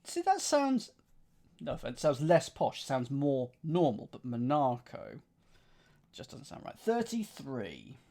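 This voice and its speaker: A man's voice: fairly high pitch, wildly swooping pitch, unhurried, mellow. A man streaming himself solving a cryptic crossword, reading clues aloud and musing over the wordplay. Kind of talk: thinking aloud while solving.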